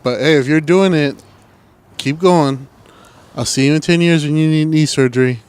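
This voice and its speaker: A man's voice: a little high, moderate pace, darkish tone, smooth. A man co-hosting a casual podcast, laid-back and agreeable, with a joking manner. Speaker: podcast co-host.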